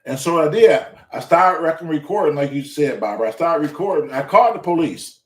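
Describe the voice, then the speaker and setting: A talk show host with a high voice talks fairly quickly through a neighborhood tale, full of profanity and emphatic, animated punch. Recorded from a distance, he rings out in an echoey, roomy space.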